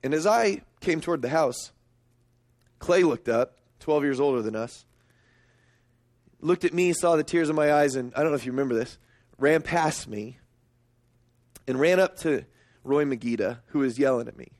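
A middle-aged man preaching a sermon, emphatic and storytelling, swinging up to excited peaks. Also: normal speed, pauses often. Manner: storytelling, emphatic, rising to high excited pitch. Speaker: pastor.

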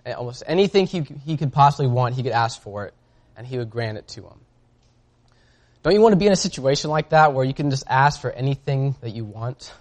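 A man preaching a sermon in a casual, conversational way, reading scripture aloud and often pausing on fillers. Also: medium pitch, lively intonation.

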